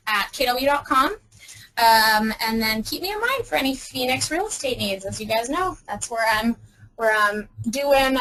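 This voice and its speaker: A young woman with a fairly high voice talks through a webinar in a chatty, upbeat way, filling pauses with ums. A faint hiss and some clicks sit under the recording. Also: fairly bright tone, rough recording. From Arizona. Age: young adult. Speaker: webinar presenter. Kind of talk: casual webinar talk.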